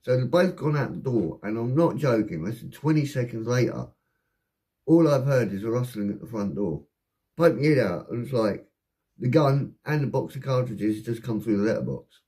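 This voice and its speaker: A man spins a wild personal story, swearing constantly as he rambles along. His voice sits at a middling pitch but leaps up and down with lively swings. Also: normal speed. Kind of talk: casual anecdote telling.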